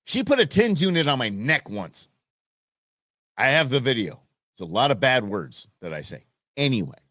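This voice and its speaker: A man's voice: fairly low pitch, a bit bright, dry recording, studio quality. A man hosting a live stream, chatting casually and telling stories with goofy voices for animals. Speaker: livestream host. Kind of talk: casual chat.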